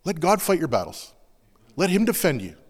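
A pastor giving an earnest, confessional sermon in a loose, conversational way, full of casual fillers. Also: male voice, fairly high pitch, sing-song, normal speed, breathy edge, big-room sound.

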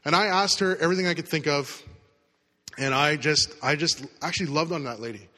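A middle-aged man gives a sermon in a relaxed, chatty storytelling manner. His voice sits a little high for a man and sounds bright and forceful. The sound carries a long hall reverb. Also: fairly quick. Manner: casual, conversational storytelling with acted quotes. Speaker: pastor.

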